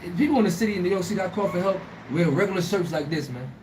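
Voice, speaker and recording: A Liberian-born man hosting a casual street talk show, animated and emphatic, laughing often and using a lot of slang. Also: sits high, very fast, far from the mic, slight background noise. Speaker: show host.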